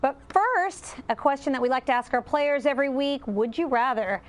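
A woman's voice: high-pitched, moderate pace. A woman co-hosting a sports talk show, upbeat and chatty.

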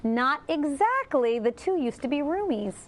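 Woman cohosting sports talk, upbeat, kinda high-ish, chatty. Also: expressive, unhurried. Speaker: sports show co-host.

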